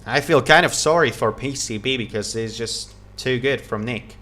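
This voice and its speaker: A man giving live play-by-play tennis commentary, calling each shot quickly and getting excited at big points. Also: medium pitch. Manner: excited, calls shots rapidly, repeats praise.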